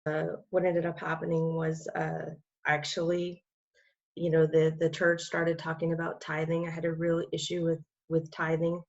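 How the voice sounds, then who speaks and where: Woman guest, low flat voice, rambling testimony full of fillers, dull lo-fi sound. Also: normal speed. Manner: rambling, many fillers and restarts. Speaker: interview guest. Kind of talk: personal testimony in conversation.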